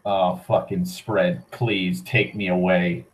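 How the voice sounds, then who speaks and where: A man's voice: low-pitched, level tone, slow, rough recording. A young man giving let's play commentary, muttering and swearing as he plays. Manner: swearing, muttering reactions to the game. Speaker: gaming channel host.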